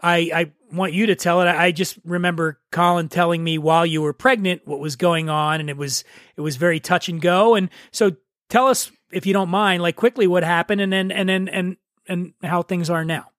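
A man's voice: high-pitched, fairly even intonation, a little fast, a bit bright, no room sound, clean studio sound. A man hosting a podcast, chatting casually and teasing his guest with a playful quiz. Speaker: podcast host. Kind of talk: casual chat.

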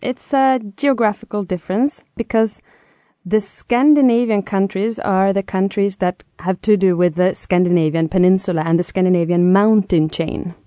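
A woman's voice: mid-range voice, fairly even intonation, normal speed, dark tone, no echo, studio quality. A woman from Sweden with a Swedish accent, explaining things in an assured way as a guest.

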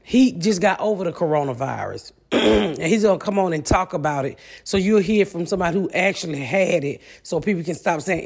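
A woman's voice: fairly low pitch, animated, fairly quick. A woman in her forties with a Midwestern US accent, hosting a podcast in a brash, profane, comic solo monologue. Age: 40s. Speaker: podcast host.

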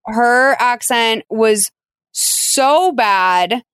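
A woman hosting a podcast in casual chat, talking in a chatty, animated way with lots of fillers. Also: on the high side, very slow, clear, resonant tone, no echo. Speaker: podcast host.

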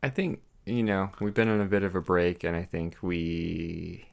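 A man with a notably deep voice co-hosts a casual podcast. He rambles through fillers and puts on a mock-pompous air. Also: steady tone, moderate pace, vocal fry. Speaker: podcast co-host. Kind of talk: casual chat.

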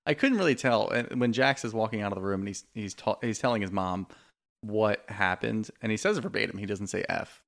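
A man's voice: lowish voice, fairly quick, gravelly, fairly bright tone. A man co-hosting a podcast, chatting casually and candidly about a reality show, swearing freely. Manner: candid, swears freely, quotes cast members. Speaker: podcast co-host. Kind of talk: casual reality TV recap chat.

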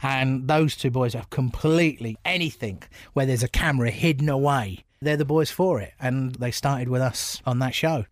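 A middle-aged man from England, telling stories from his stand-up career in an animated, laughing way. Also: mid-range voice, moderate pace, hardly any pauses, no room sound, clean studio sound. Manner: animated storyteller, laughs often. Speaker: comedian guest. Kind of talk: casual anecdotal chat.

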